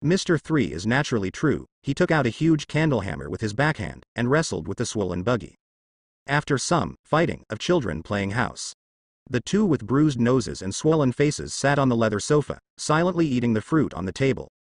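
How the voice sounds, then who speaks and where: A man narrating a translated fan-fiction story at a steady, even reading pace. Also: medium pitch, moderate pace, no room sound, studio quality.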